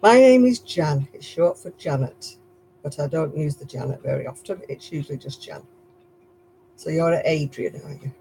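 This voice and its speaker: A woman's voice: deep voice, moderate pace, gravelly, dark tone, a little hiss or hum, low-quality recording. A woman with a Lancashire accent hosting a casual live stream while she crochets, chatty and rambling, chuckling at herself. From Lancashire, England.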